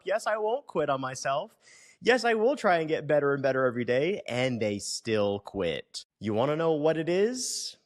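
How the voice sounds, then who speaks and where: Animated, joking young man telling a story. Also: medium pitch. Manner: animated, acts out the people he quotes; profane, joking. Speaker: podcast host and personal trainer. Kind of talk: casual storytelling monologue.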